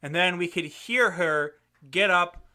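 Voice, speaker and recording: A man's voice: high voice, a little slow. A young man, a podcast host, telling a story in casual chat and laughing often as he goes. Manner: animated, laughs often while telling stories.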